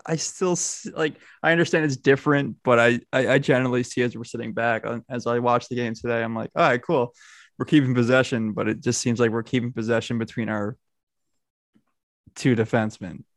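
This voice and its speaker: A man's voice: mid-range voice, fairly even intonation, fairly quick, no room sound, clean studio sound. Man hosting a casual football chat. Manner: laughs often, rambling with restarts.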